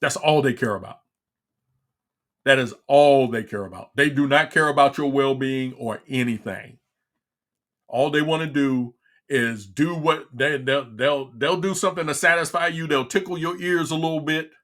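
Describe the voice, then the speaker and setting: A middle-aged livestream talk show host with a mid-range, fairly bright voice speaks at normal speed. His casual commentary is a frustrated, repetitive rant with many stumbling restarts.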